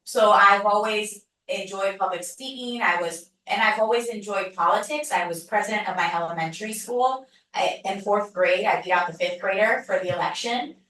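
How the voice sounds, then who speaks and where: A woman's voice: on the low side, sharp tone. A woman guest in her thirties, chatting openly in an interview and laughing often. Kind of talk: casual podcast interview. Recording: echoey distant room sound.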